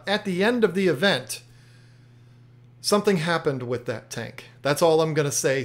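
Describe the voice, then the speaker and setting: A man hosting an aquarium channel, telling a story in casual chat, often restarting and repeating himself. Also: fairly high pitch.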